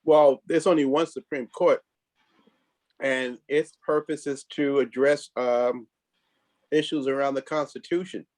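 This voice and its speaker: Man in an interview, thoughtful and halting. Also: mid-range voice, fairly even intonation, a little mellow. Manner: thoughtful, hesitant with fillers. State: coughing from allergies. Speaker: guest, district leader. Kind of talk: interview answers.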